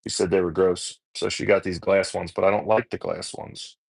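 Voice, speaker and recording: Gravelly low-voiced man chatting casually. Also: little pitch movement, moderate pace, no room sound. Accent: New Jersey. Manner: rambling, self-deprecating, swears freely. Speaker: home cook content creator. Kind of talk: casual chat while cooking prep.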